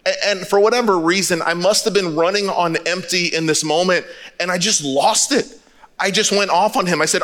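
A man's voice: sits high, normal speed, a bit bright. A middle-aged man from the United States, a pastor preaching a sermon in a candid, storytelling way. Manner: candid storytelling, conversational with repetitions.

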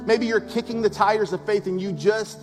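A man preaching a sermon with a notably high voice, talking to his congregation in an easy, conversational way that keeps building emphasis. He asks question after question of the room. His voice rings out in a big hall with a long echo, and soft music plays underneath. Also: fairly even intonation, normal speed. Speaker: pastor. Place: large church auditorium.

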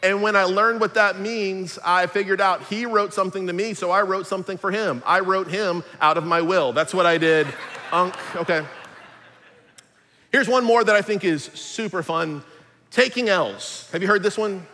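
A pastor, preaching an upbeat, jokey sermon. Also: male voice, high-pitched, fairly even intonation, normal speed, sharp tone, big-room sound. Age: 40s.

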